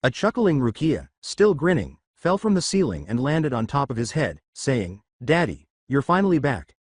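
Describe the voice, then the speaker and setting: A man reading scripted fan-fiction narration in an even way. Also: mid-range voice, moderate pace, husky, no echo, clean studio sound.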